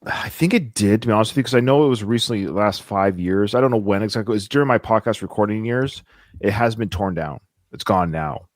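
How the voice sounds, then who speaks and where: A man's voice: fairly low pitch, fast talker, dry recording, studio quality. A man hosting a casual film podcast, talking things through as he goes and often restarting his sentences. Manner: chatty, thinks aloud with restarts. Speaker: podcast host.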